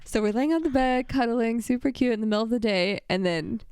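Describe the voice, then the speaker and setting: A woman co-hosting a podcast, chatting casually with her partner and telling animated stories with a lot of laughter. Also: a little high, brisk, clear, resonant tone. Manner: animated storytelling with frequent laughter. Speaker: podcast co-host. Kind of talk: casual couple chat.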